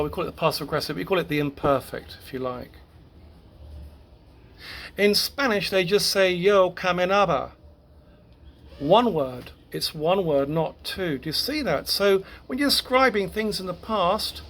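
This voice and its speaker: Male language teacher, unhurried classroom delivery, stumbles and restarts, voice a bit higher than most men. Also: fairly bright tone, slight background noise. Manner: halting, repeats words and self-corrects. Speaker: Spanish grammar teacher. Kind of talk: classroom grammar lesson.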